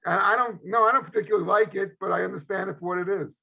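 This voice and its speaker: A man's voice: high voice, steady tone, rapid-fire, vocal fry, narrow, tinny audio. A man in a study group answering the leader, hesitant, with many fillers and restarts. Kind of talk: spontaneous discussion reply.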